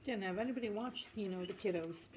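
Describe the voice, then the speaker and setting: A frank, easygoing woman chats casually at home. Her voice sits in a middle pitch, and she laughs easily. Clear background noise runs under the recording. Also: fast. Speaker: vlog co-host, wife. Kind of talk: casual chat.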